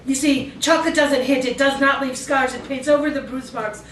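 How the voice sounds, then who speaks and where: A woman with a fairly high voice performs her spoken-word poetry at a cafe open mic, switching between rhythmic, intense delivery and casual asides. She is recorded from a distance in an echoey room, with faint background noise. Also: fairly even intonation, normal speed. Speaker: featured poet. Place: cafe performance space, live audience.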